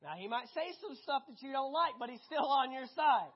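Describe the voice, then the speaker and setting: A woman preaching a sermon, animated and conversational, often asking the congregation questions. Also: high voice, fairly quick, lo-fi sound.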